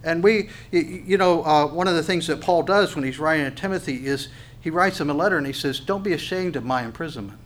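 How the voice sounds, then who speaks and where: A man's voice: fairly high pitch, quick pace. A man preaching a sermon, reading scripture, asking questions and answering them himself, and repeating phrases for emphasis. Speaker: pastor.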